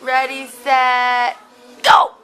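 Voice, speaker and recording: A mother talks to her little one in drawn-out, sing-song baby talk, her voice a bit high and very bright. Her words come slowly and coaxingly. It is caught on a handheld camcorder at home, with faint music playing behind her. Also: monotone. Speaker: mother talking to her toddler. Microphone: handheld camcorder mic.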